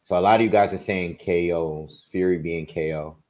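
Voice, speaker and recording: Low-voiced man hosting a casual livestream. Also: fairly even intonation, darkish tone. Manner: rattles off viewers' locations in quick bursts; thinks aloud with restarts when giving his predictions. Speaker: boxing livestream host. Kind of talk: casual livestream chat, reading viewer comments.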